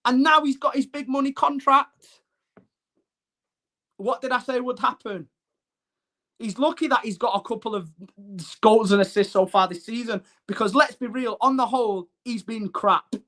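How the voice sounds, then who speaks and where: A man's voice: extremely high pitch, moderate pace, pushed and bright. A man hosting a live football stream, ranting brashly and mockingly while answering his chat.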